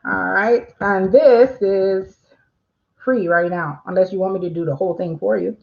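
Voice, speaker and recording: A woman's voice: medium pitch, fairly even intonation, moderate pace, vocal fry, muffled recording. A woman hosting a casual livestream, chatting with viewers and reading their questions aloud, with frequent fillers. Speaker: livestream host.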